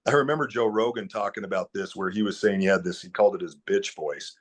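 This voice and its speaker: A man's voice: on the low side, quick pace. A man speaking as a podcast guest in casual conversation, earnest and blunt, with casual swearing.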